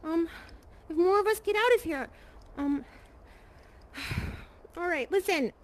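A young woman chatting casually while role-playing in a VR game, her voice pitched very high. She speaks in an unhurried, soothing way, trailing off into sighs and fillers as she comforts the creatures around her. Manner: soft, comforting, hesitant with many ums and sighs. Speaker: VR game streamer.

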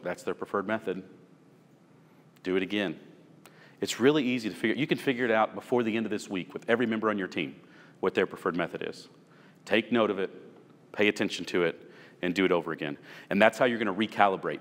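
A man with a fairly low, slightly bright voice runs a supervisory training session, and a long reverb tail trails his words. He keeps it conversational, telling stories from his own job and throwing rhetorical questions at the group.

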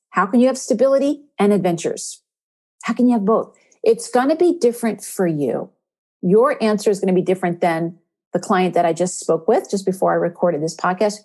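A woman's voice: medium pitch, darkish tone. Encouraging woman podcast host. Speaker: podcast host and spiritual coach. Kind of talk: inspirational podcast talk.

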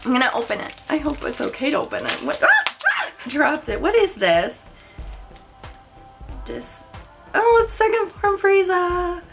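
Woman, young, high-pitched, gushing, chatty vlog, voice cracking, soft music in background. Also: very animated, a little slow, creaky, pauses often. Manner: gushing, squealing exclamations, chatty. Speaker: YouTuber. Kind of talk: excited unboxing vlog.

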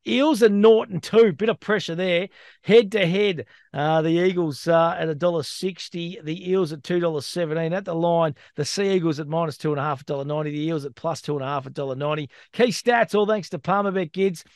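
A man's voice: on the high side, fairly quick, a little mellow, no room sound, clean studio sound. An Australian man co-hosting a sports betting podcast, reading out odds and stats in a chatty, matey way. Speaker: co-host.

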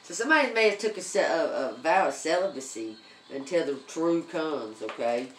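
A woman's voice: sits low, animated, moderate pace, roomy sound, slight background noise. A woman giving a casual tarot reading, chatty, with many ums and repeated okays. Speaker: tarot reader.

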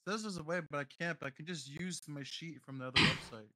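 A man at a tabletop game who talks very fast in a bright, forceful voice. He hedges with "like" as he describes his character. His pitch sits a little high. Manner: quick, hedging with "like". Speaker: player. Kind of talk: tabletop role-play.

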